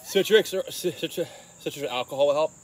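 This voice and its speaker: A man's voice: fairly high pitch, a little fast. A man hosting a casual gardening vlog, joking and swearing as he talks to his viewers. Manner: joking, swears, addresses chat. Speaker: vlog host. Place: home garden outdoors. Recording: outdoor noise, crickets and birds. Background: crickets and birds.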